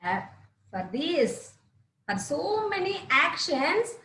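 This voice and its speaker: Slow, lively-voiced woman teacher. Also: very high voice, echoey room, a little hiss or hum, rough recording. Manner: slow, repetitive explaining with questions to pupils. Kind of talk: classroom lesson for young children.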